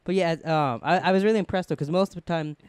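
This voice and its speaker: A young man co-hosting a casual TV review chat, excited and rambling with lots of restarts. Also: fairly high pitch, fast talker, clear, resonant tone, dry recording. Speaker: podcast co-host.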